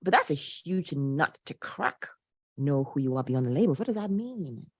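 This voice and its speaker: A woman speaking as a podcast guest, telling stories with animated, inspirational energy. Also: sits low, normal speed, breathy edge, no echo, clean studio sound. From Poland. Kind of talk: conversational interview.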